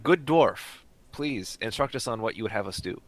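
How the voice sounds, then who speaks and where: A man's voice: lowish voice, fast, a bit bright. A man playing a tabletop game, speaking in character in a theatrical, overly formal way. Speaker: player.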